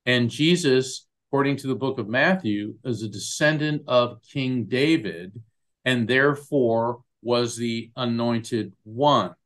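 A man's voice: mid-range voice, slow. A man, a guest on a podcast interview, telling stories animatedly and acting out the voices of people he quotes. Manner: animated storyteller who acts out quoted voices. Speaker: guest, medium and lawyer.

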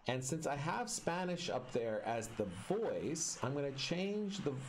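A man's voice: a little high, big pitch swings, unhurried. A man teaching a class through a screen-recorded tutorial, explaining each step in a friendly way. His voice rises and falls a lot as he talks. A faint hiss sits under the recording.

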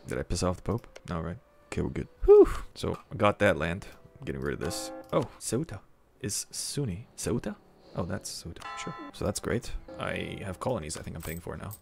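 A man with a low, gravelly voice talks through a strategy game in a casual, chatty way. He mutters to himself, then breaks into excitable outbursts. Soft music plays faintly underneath. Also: brisk. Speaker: strategy game let's-player. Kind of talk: casual gameplay commentary.

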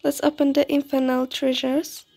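Gushing high-voiced woman gaming vlogger. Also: flat delivery, moderate pace, creaky, a little mellow. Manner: gushing, repeats exclamations. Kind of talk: excited game commentary. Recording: music playing under the voice.

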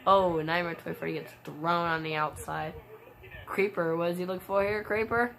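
Excitable woman calling a video game match. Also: lowish voice, normal speed, gravelly. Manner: excitable, gasping exclamations, frequent sudden shrieks. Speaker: gameplay commentator. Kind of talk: casual play-by-play commentary of a wrestling video game.

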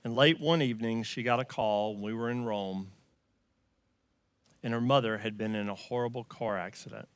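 A man with a Southern US accent preaching a sermon, telling a story and swinging from loud emphatic lines to quiet hushed ones. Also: fairly low pitch, moderate pace, smooth, no room sound. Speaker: pastor.

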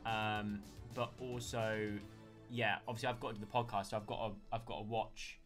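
A man's voice: lowish voice, level tone, moderate pace, a bit bright, faint music behind. A man chatting casually on a live stream, thanking viewers one by one and answering their questions.

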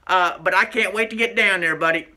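A man's voice: high voice, brisk, no room sound. A man putting on a brash Texan superfan. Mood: boastful. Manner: loud, folksy, calls everyone son. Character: brash boastful Texan male baseball superfan. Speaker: costumed comic character. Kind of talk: comic vlog character.

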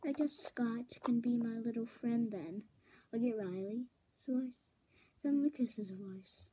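A woman voicing a scheming teenage girl villain in a slow, hushed whispered role-play. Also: a little high, slightly rough, rough recording.

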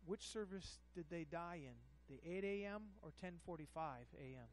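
A preacher doing a slow, solemn old churchgoer who takes everything literally. He speaks in a hushed, lowered voice and sounds quietly puzzled. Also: lively intonation, a little hiss or hum, close to an everyday voice, low-quality recording. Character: puzzled older male churchgoer, literal-minded.

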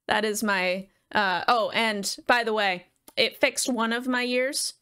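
A woman's voice: on the high side, fairly even intonation, takes it slowly, pauses often, sharp tone, clear, resonant tone. A woman from the United States, chatting casually as a live game streamer, rambling and laughing often. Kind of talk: casual live gaming chat.

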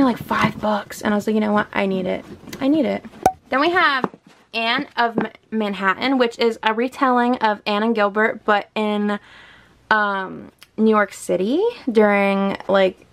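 A young woman chats casually in a book vlog, showing off her shelves at home while standing by a bookshelf, gushing and laughing often. Her voice is mid-range and creaky, with a noisy background.

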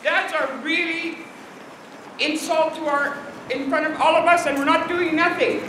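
A woman's voice: sits high, fairly even intonation, a little slow. A woman from Alberta, a First Nation leader, giving an emphatic, indignant speech at an outdoor rally in cold weather. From Alberta, Canada. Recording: echoey, distant, noisy outdoor crowd ambience.

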